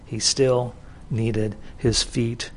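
A man's voice: medium pitch, little pitch movement, very slow, a little hiss or hum. A man preaching an expository sermon in a conversational way, often restarting and repeating words for emphasis. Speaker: pastor.

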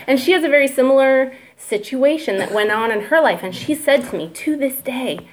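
A woman's voice: sits high, animated, fairly quick, slight background noise. Chatty, emotional woman giving a church testimony. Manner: candid, chatty, emotional, fillers and asides. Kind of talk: personal testimony talk.

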